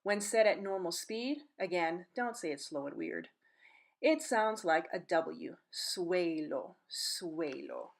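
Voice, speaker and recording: A woman's voice: lowish voice, expressive, measured pace, vocal fry. A woman teaching a pronunciation lesson in an upbeat, encouraging and playful way, close to the mic. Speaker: Spanish teacher. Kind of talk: video lesson.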